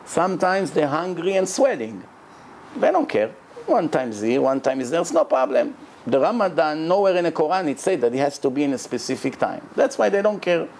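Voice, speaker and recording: Animated rabbi lecturing in English. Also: male voice, fairly high pitch, brisk, creaky, slight background noise. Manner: emphatic, animated lecturing in non-native English. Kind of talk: religious lecture.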